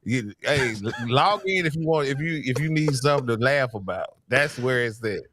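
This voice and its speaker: A man's voice: mid-range voice, expressive, moderate pace, fairly bright tone, a little hiss or hum. A man co-hosting a sports podcast, chatting casually with playful slang and an easy drawl. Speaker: podcast co-host.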